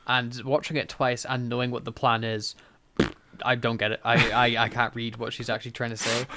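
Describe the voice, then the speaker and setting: A man's voice: medium pitch, little pitch movement, moderate pace, sharp tone, slight background noise. A man co-hosting a fan podcast in casual chat, chatty and laughing often as he recounts scenes. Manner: chatty, laughs often, mimics lines in quotes. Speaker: podcast co-host.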